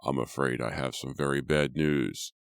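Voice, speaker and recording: A man doing a grim older police officer, low and steady. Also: moderate pace, vocal fry, clean tone, no room sound. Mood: grave.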